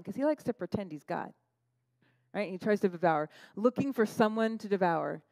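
A woman pastor preaching a sermon, animated, laughing at her own asides and acting out quotes in a higher voice. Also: no room sound, poor audio.

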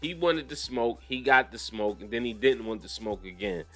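A young man hosting a casual commentary show, reading news aloud with profane, animated riffs and frequent laughter. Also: mid-range voice, normal speed, soft background music. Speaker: commentary channel host.

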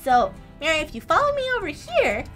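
Bubbly woman host for a kids' game video, very high voice that swoops up and down. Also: wildly swooping pitch, a little fast, over music. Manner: bubbly, exaggerated, sing-song. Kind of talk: kids' game let's-play.

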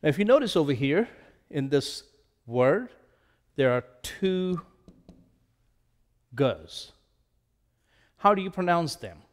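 A middle-aged man teaches at a whiteboard in a slow, patient, unhurried way. He repeats words so learners can drill them, and his voice carries a long reverb from a large room. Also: fairly high pitch, big pitch swings. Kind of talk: classroom lesson at a whiteboard.

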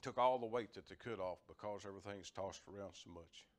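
A man's voice: fairly low pitch, fairly quick. An older man, preaching a folksy lay sermon, repeating words and chuckling as he talks.

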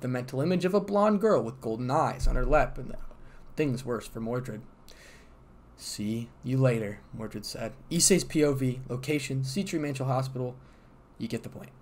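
A man's voice: mid-range voice, expressive, moderate pace. Man reading fan fiction aloud. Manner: plain reading with small stumbles. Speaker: narrator.

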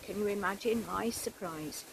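Woman, older, church warden, earnest testimony, gravelly, noisy recording. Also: medium pitch, moderate pace. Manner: gentle, earnest storytelling. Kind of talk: personal testimony.

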